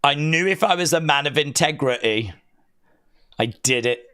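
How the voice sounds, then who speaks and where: A man's voice: on the high side, normal speed, sharp tone, clear, resonant tone. An English man with an English accent, hosting a wrestling watch-along live stream and chatting casually in a rambling, joking way. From England.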